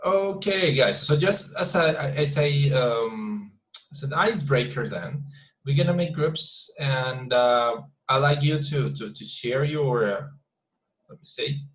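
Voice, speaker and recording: Male teacher on a video call, mid pitch, halting and repetitive. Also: lively intonation, fairly bright tone, rough recording. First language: Spanish. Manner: hesitant, many repeated words and fillers. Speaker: English teacher. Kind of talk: online class instruction.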